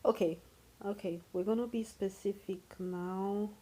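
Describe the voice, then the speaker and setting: A woman's voice: medium pitch, steady tone, measured pace, warm tone. A woman vlogger talking casually to camera about astrology, rambling with many fillers and restarts.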